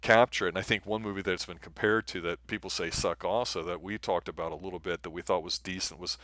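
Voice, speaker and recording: A man hosts a live movie review stream in relaxed, easygoing talk. His voice sits low but sounds bright. The recording is dry and close. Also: fast, no room sound. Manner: easygoing, laughs along. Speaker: movie review show host. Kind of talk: casual live-stream chat.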